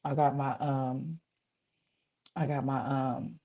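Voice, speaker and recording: Older woman, live-stream host, deep and unhurried, salty casual chat with viewers. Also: little pitch movement, muffled recording. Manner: profane, chatty, greets viewers by name; hushed at times to keep a grandchild asleep. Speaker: livestream host.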